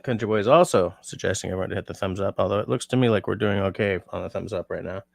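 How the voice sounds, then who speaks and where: A tired man with a lowish, gravelly voice hosts a laid-back livestream, rambling between chat comments. His voice is recorded close and dry, with no room sound. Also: rapid-fire, no room sound. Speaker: livestream host.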